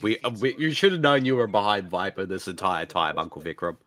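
A man's voice: low-pitched, very animated, brisk, fairly bright tone. A man co-hosting a casual movie commentary, playful and teasing in his reactions. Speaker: podcast co-host.

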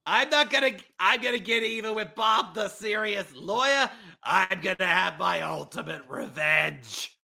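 A man doing a creaky, vengeful scorned woman. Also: high-pitched, animated, pushed and bright, exaggerated voice. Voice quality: creaky, gravelly. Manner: slow, theatrical villain vows.

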